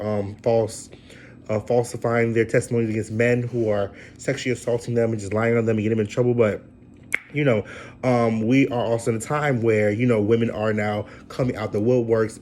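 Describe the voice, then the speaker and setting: A man's voice: medium pitch, a little mellow, a little hiss or hum. Blunt, rambling man hosting a commentary vlog. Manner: blunt, profane, rambling with many fillers. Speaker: vlog host. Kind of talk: casual commentary.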